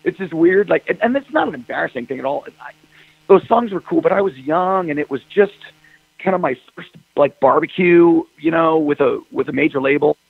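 A man's voice: a little high, animated, brisk, gravelly, breathy edge, no room sound. A man, a rock singer, telling stories in a casual interview and acting out phone calls in quoted voices. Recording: dry tinny phone line.

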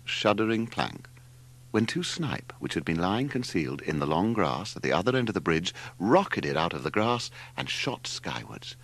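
Older guy narrating an audiobook, lowish voice that swings all over the place. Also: gravelly. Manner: expressive storytelling, wide swings in pitch. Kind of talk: scripted narration.

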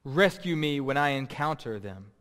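Emphatic preacher in a reverberant hall. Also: male voice, medium pitch, lively intonation, normal speed, fairly bright tone. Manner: emphatic, repeats key words, restarts phrases. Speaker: pastor. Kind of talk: sermon. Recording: long reverb.

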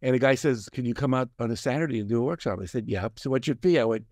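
Older man telling lively stories, dry mic. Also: medium pitch, quick pace, hardly any pauses, no room sound. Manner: animated storyteller, acts out quoted voices. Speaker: guest, success coach and author. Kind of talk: storytelling in a conversation.

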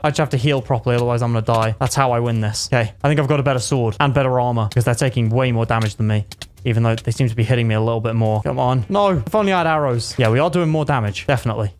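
A young man giving excited live commentary over his own gameplay, his voice jumping high when a fight goes well or badly. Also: a little hiss or hum. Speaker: gaming video creator.

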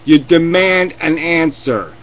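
A man's voice: a little high, animated, takes it slowly. A man hosting a live video chat, ranting and swearing sarcastically as he argues with callers. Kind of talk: heated live debate. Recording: lo-fi webcam stream audio.

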